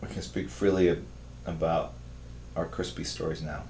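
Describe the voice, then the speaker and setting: A man with an American accent casually chatting on a live stream while he draws, reading viewer comments aloud in a low-key, mumbling way. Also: fairly even intonation, moderate pace, vocal fry, darkish tone, reverberant, slight background noise. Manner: reads viewer comments aloud, laughs often, tries awkward German.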